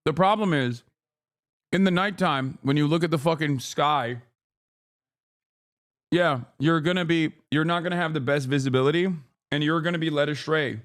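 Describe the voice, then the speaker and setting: A man's voice: on the high side, moderate pace, long pauses, a bit bright. A man in his thirties ranting combatively at his live chat, swearing often. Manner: profane, combative rants at chat. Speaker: streamer. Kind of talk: live-stream political commentary.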